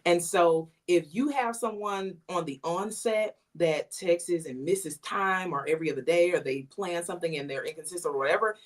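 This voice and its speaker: This woman, a podcast guest, casually recounts a personal story, performing the quoted messages in a lively way. Her lowish voice keeps a moderate pace with hardly any pauses.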